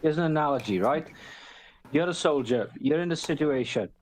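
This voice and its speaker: A man's voice: on the high side, expressive, normal speed, a little mellow. A man, a guest trader, explaining ideas through long, profane analogies in casual chat.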